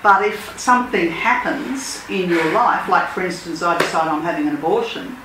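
A spiritual healer and teacher, a woman with a lowish, expressive voice, speaks at a normal pace, earnestly and emphatically, and leads call-and-response mantra chants. She's in a lodge meeting room, recorded far from the mic in an echoey, noisy space.

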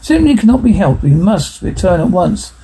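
A worried, grim starship officer who frets about everything, read aloud by a man. His voice is mellow and very husky, pitched slightly high. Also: big pitch swings, moderate pace, heavily acted, low-quality recording.

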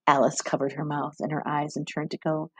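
A woman reading a novel aloud in a measured storybook manner, doing voices for the characters. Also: low-pitched, little pitch movement, a bit bright, slightly rough, dry recording, poor audio. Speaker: reader.

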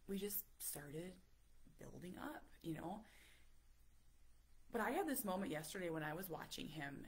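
A woman in her thirties, a parent vlogger telling a story in casual, animated chat, full of fillers and acted-out quotes. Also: low voice, husky. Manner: animated, chatty, many fillers, acts out quotes.

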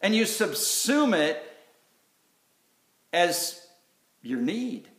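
Male pastor, fairly high voice, earnest sermon delivery with frequent restarts, echoey sanctuary. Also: sing-song, fairly bright tone. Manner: earnest, halting with many fillers and restarts. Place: church sanctuary.

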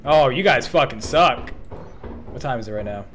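Excitable swearing gamer man. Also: mid-range voice, moderate pace. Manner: loud, swearing, jumps into yelps when startled. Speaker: gamer streaming with friends. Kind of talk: casual gaming banter.

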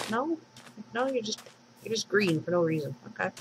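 A woman's voice: medium pitch, lively intonation, a little fast, vocal fry, a little hiss or hum, poor audio. A woman casually commenting on her own game as she plays, chatting to the animals she meets and squealing when startled. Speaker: let's play host and mod maker.

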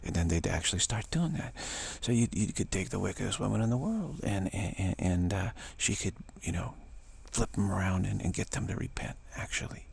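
A man telling spiritual stories in a meandering, conversational way, with a gravelly, husky voice. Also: deep voice, a little fast, few pauses, a little mellow. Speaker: spiritual teacher. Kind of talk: casual spiritual storytelling.

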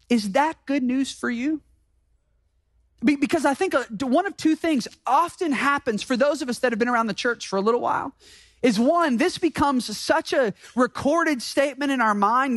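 A man preaching a sermon as pastor, emphatic and slowing down to repeat key phrases. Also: extremely high pitch, fairly bright tone, no room sound. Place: church sanctuary.

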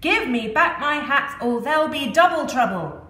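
A woman voicing a grown male hat seller who loses his temper and shouts up at monkeys. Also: high voice, expressive, moderate pace, voice pushed up. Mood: angry shouting. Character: hat seller, grown man, quick to anger. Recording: echoey room.

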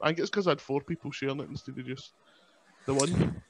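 A man's voice: medium pitch, fast talker, background noise. A man, a podcast guest on a remote call, chatting in a self-deprecating way and laughing often. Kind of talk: casual podcast chat.

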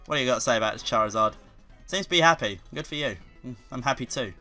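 Excitable man commentating a video game. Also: medium pitch, quick pace, faint music behind. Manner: excitable, swears often, sudden loud outbursts. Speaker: let's play commentator.

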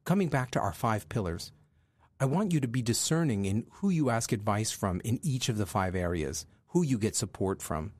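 A man's voice: lowish voice, lively intonation, moderate pace, darkish tone, no room sound. A man hosting a podcast, telling a personal story in an earnest, reflective way. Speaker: podcast host. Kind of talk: storytelling monologue.

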